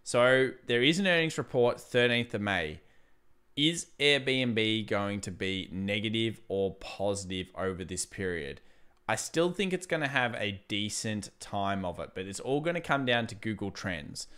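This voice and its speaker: Smooth-voiced man, casual market chat. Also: fairly low pitch, lively intonation, unhurried, sharp tone. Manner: casual, chatty, laughs easily; thinks aloud with restarts. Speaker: livestream host. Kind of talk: live market commentary.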